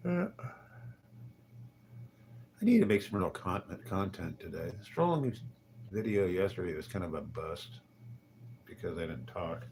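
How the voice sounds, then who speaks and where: A man's voice: sits low, expressive, unhurried, long pauses, darkish tone, slight background noise. A man rambling through a casual livestream monologue, wry and grumbling, muttering asides and chuckling to himself. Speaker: livestreaming vlogger. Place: hotel.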